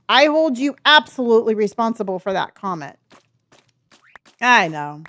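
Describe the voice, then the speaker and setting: A woman's voice: high-pitched, animated, normal speed, fairly bright tone. A middle-aged woman livestreaming a game, chatting casually and rambling as she reads her chat and laughs often. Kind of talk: casual chat while gaming.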